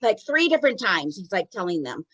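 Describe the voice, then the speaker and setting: Lively animated woman podcast host. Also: mid-range voice, a little fast. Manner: animated retelling, acts out quoted lines. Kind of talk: casual chat.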